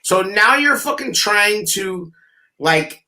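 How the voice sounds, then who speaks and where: A man co-hosting a casual sports show, talking fast and profanely and acting out players' reactions. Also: high-pitched, animated, pushed and bright. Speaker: podcast co-host.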